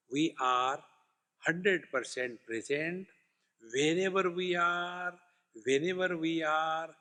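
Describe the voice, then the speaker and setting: A swami preaches in a spiritual discourse, his voice sitting somewhat high for a man. He drives points home by repeating them and mixes in light humor. The sound rings out with a long hall reverb. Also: bright, forceful tone. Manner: emphatic, repetitive, anecdotal with humor.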